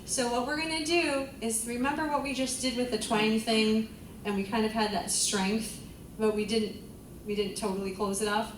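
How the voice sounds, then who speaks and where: A woman's voice: on the high side, steady tone, normal speed, slight background noise. A woman vocal coach leading a group singing class, encouraging the students and singing vowels to demonstrate. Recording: roomy, distant mic, loud music.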